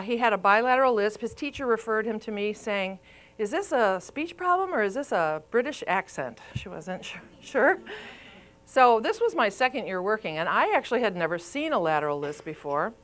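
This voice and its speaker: A woman's voice: a little high, fairly bright tone. Chatty woman lecturing to a room. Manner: chatty, storytelling, quizzes the audience. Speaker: speech therapist presenting a continuing-education course. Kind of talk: live lecture to a room and online viewers.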